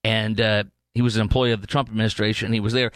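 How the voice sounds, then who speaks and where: A man's voice: on the low side, little pitch movement, rapid-fire, fairly bright tone, no echo. A man hosting a political talk show, delivering a heated, rambling monologue full of restarts and fillers. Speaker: talk radio host.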